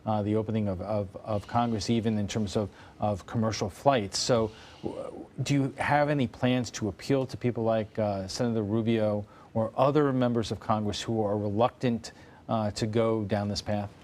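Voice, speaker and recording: A man's voice: on the low side, steady tone, moderate pace, darkish tone, slight background noise. A man hosting a local TV roundtable discussion and asking the guests long questions. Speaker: TV roundtable host. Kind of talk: broadcast panel discussion.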